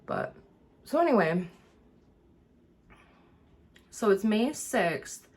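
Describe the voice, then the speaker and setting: A woman's voice: medium pitch, big pitch swings, extremely slow, breathy edge. A woman vlogger chatting casually as she gets ready, rambling with lots of fillers and struggling a little to enunciate words. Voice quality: rambling, many fillers and restarts. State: having trouble enunciating. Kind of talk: casual chat while getting ready.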